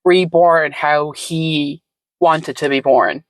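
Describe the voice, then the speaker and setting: This woman speaks slowly in a low voice with fairly even intonation, telling her story as a podcast guest. She's reflective and meandering, with plenty of "like" and "um," on a dry, rough recording.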